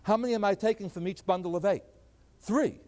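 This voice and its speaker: High-voiced older man lecturing in a hall. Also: a little fast, a little mellow. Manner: asks questions and answers them himself. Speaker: math lecturer. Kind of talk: chalkboard math lecture.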